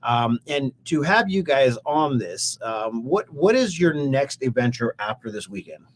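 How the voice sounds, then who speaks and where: A male host doing a casual interview, joking and filling pauses with "uh". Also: mid-range voice, sing-song. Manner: jokey, lots of "uh" fillers. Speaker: radio show host.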